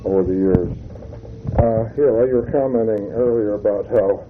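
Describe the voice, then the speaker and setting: A man's voice: lowish voice, moderate pace. A man interviewing an older worker for an oral history, prompting him hesitantly with fillers. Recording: tinny phone-like band with clear hiss.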